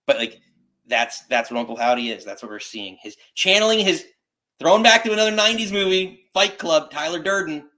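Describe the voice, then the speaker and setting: A man with a bright, forceful voice co-hosts a casual chat show. He talks with eager enthusiasm, rambling and restarting his sentences as he goes. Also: a little high, expressive, a little fast. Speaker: podcast co-host.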